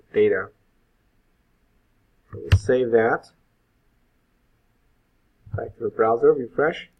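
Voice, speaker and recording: A male web instructor with a fairly low, husky voice gives an informal live coding lecture, thinking aloud with frequent fillers. The recording has a lo-fi, phone-like sound.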